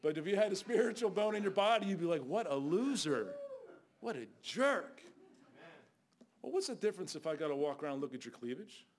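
An older man preaching a fiery Bible sermon as a guest preacher, scolding loudly and then dropping to low asides. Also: expressive, rapid-fire, few pauses. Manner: loud, scolding, shifts between shouting and low asides.

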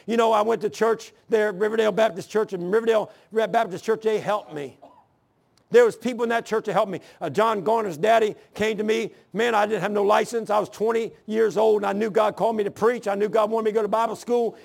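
Preaching in church, this man in his sixties blends Bible passages with personal testimony, telling it in a homespun, sincere way and with rough grammar. He has a high, slightly mellow voice and talks briskly.

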